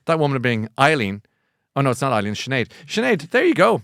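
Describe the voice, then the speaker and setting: A man with an Irish accent hosting a book show, chatty and animated, often laughing at himself. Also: medium pitch, fairly quick, dry recording, studio quality. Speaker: host. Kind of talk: casual chat.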